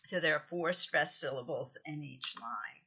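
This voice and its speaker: Slow-speaking woman lecturer, lo-fi. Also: deep voice, husky. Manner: slow, deliberate reading aloud with strong stresses. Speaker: literature lecturer. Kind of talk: recorded lecture with poetry readings. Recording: dull lo-fi lecture recording.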